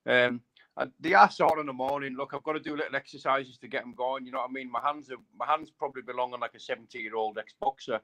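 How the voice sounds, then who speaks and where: A man's voice: mid-range voice, fairly even intonation, fast talker, a bit bright. A man, a bare-knuckle fighter, chatting casually and rambling, repeating himself and saying mate a lot. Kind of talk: casual live chat.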